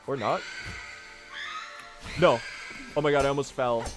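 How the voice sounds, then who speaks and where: A man's voice: mid-range voice, fairly even intonation, a little slow, over music. A man in his twenties chatting casually and swearing while streaming a game speedrun. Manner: chatty, joking, swears often.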